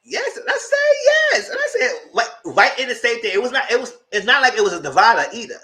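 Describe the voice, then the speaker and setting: A TV show reviewer giving a casual recap, animated and laughing, acting out the characters in squealing high voices. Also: quick pace. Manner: laughs through the story.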